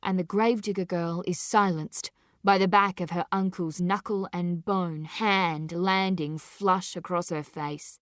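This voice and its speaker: Slow, intense woman storyteller. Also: lowish voice, fairly even intonation, no echo, clean studio sound. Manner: slow, intense, deliberate delivery. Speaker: narrator. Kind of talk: dramatic storybook narration.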